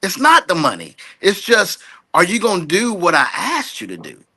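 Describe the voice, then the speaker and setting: A man in his fifties sharing faith reflections in casual podcast chat, halting and reflective with many fillers. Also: sits high, huge pitch swings, sharp tone, breathy edge. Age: 50s. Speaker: podcast co-host.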